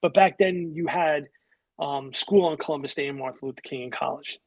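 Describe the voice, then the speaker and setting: A man's voice: on the high side, brisk, no echo. A middle-aged man from New York, guest in a conversation, telling stories casually with profanity and acted-out voices. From New York, USA. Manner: animated, profane, acts out quoted voices.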